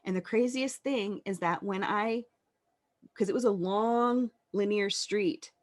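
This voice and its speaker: Speaking in a mid-range voice, a woman in her thirties tells her personal story as a guest on a podcast. Her telling is earnest and reflective, broken up by halting pauses.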